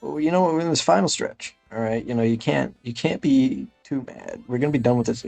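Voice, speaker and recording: A man doing comedic gameplay commentary in an impression of a gaming creator, rambling through absurd deadpan jokes and cursing in frustrated outbursts. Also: mid-range voice, fairly quick, vocal fry, hardly any pauses, faint music behind.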